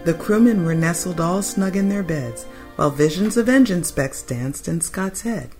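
A co-host reads a rhyming holiday poem, trading verses with a partner. The delivery is expressive, and the voice sinks lower on the tags that say who is speaking. The pitch sits in the middle of the range. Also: normal speed, music in the background. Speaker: podcast co-host reading a story. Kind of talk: alternating rhyming poem reading.

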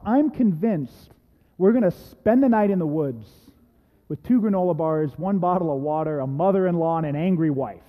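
A male pastor preaching a sermon, telling a personal story in a lively, conversational way with casual asides. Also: high voice, moderate pace, long reverb tail, poor audio. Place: church sanctuary.

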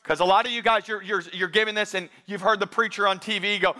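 A man's voice: high voice, steady tone, quick pace, bright, forceful tone. A man preaching a sermon as pastor, talking conversationally to his congregation and reading scripture aloud with emphasis.

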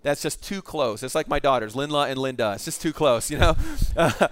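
A man's voice: mid-range voice, fairly quick, fairly bright tone, smooth, no echo. A middle-aged male pastor preaching a sermon, telling the story with animation and acting out the voices in it.

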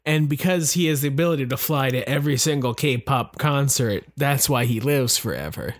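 A man's voice: medium pitch, lively intonation, normal speed, no room sound, studio quality. A man co-hosting a comedy podcast, spinning absurd tangents and laughing often. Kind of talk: casual comedic banter.

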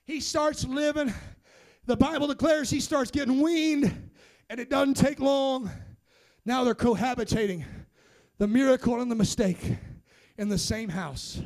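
A man preaching a sermon, shouting in a sing-song preaching cadence and calling out to the congregation between phrases. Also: very high-pitched, a little slow, long pauses.

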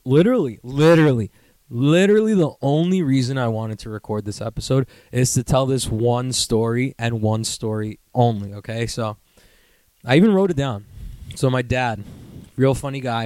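A man's voice: medium pitch, expressive, moderate pace, a little mellow, no echo. A young man from the New York area hosting a podcast, telling a rambling, profane story in casual chat and laughing as he goes. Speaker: podcast host.

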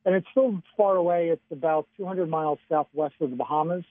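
A man giving a casual radio weather forecast by phone, chatty and relaxed, often chuckling. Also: on the high side, fairly quick, no echo. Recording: tinny phone line.

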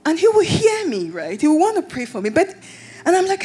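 A woman pastor preaching a sermon, telling a personal story in an animated way that rises into excited shouts. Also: very high voice, fairly quick.

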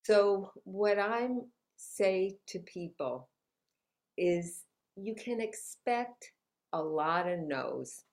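A woman's voice: mid-range voice, expressive, drawn-out words, darkish tone. A woman guest in an interview, talking in an upbeat, motivational way and laughing often. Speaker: guest, author. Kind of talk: conversational interview. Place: New York City.

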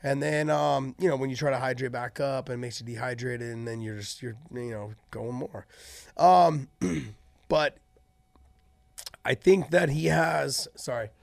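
A man in casual chat, telling fight stories with animated energy and freely swearing. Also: medium pitch, a little slow, vocal fry, no room sound. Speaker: podcast co-host and former fighter.

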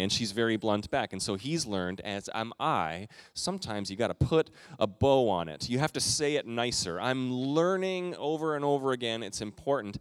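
A middle-aged man preaching a sermon as the pastor of his church, telling stories in a relaxed, conversational way with quick asides. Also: fairly low pitch, no room sound. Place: church sanctuary.

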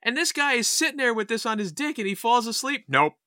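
Snarky podcast dude, voice jumps all over, really bright, dry close sound. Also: male voice, very high voice, very animated, quick pace, no echo. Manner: blunt, sarcastic, dismissive. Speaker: podcast co-host. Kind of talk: casual film-review chat.

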